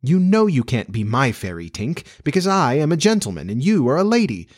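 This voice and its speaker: A man's voice: medium pitch, sing-song, a little fast, pitched above the performer's own voice. A man voicing a cocky, boastful boy who never grows up, in a lifted boyish voice. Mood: lecturing.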